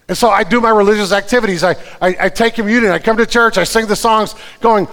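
Higher-voiced man preaching in a reverberant hall. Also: a little fast. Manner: earnest, swings from fervent prayer to quiet explanation. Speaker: pastor. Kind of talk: sermon.

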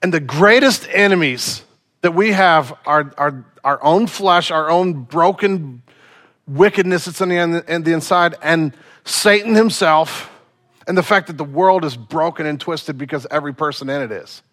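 A man preaching a sermon, retelling a story in casual slang and swinging from loud to hushed. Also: a little high, moderate pace.

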